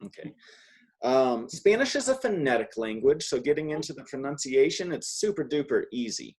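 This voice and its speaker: A man giving a relaxed one-on-one language lesson. He chats easily between drills and says each word clearly so his student can repeat it. His pitch sits in an ordinary middle range. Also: moderate pace. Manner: patient, chatty, models words for repetition. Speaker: Spanish teacher.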